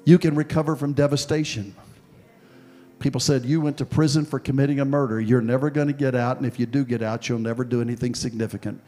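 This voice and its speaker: A man preaching a sermon and telling a story from his own past, dropping soft and low, then building to loud, forceful preaching. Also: fairly even intonation, quick pace, faint music behind. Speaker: pastor. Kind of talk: sermon with personal testimony.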